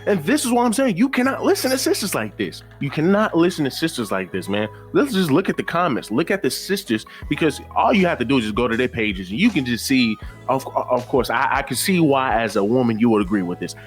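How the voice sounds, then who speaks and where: A man's voice: medium pitch, very animated, a little fast, faint music behind. A man hosting a reaction commentary channel, lecturing emphatically and repeating his points. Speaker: commentary host.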